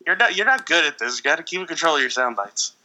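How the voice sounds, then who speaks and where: A man co-hosting a casual podcast, rambling through an animated story with frequent laughs. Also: on the high side, fast talker, low-quality recording. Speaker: podcast co-host. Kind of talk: casual chat.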